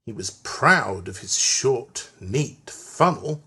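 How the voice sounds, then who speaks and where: A narrator reading a children's train story aloud in an expressive storytelling manner. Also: medium pitch, breathy edge. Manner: slow, lively storytelling.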